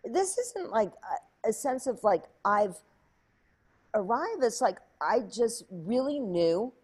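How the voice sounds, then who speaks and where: A woman telling a story as an interview guest, lively and chatty, acting out other people's voices with many fillers. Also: a little high, takes it slowly, slightly rough. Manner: animated, acts out quoted voices, many fillers. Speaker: interview guest, speaker and coach.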